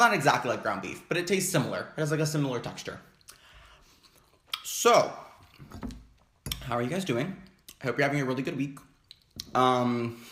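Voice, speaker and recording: A man's voice: medium pitch, a bit bright, reverberant. A young man chatting casually while eating on camera, rambling and laughing easily. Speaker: vlogger. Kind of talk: casual mukbang chat. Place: home basement.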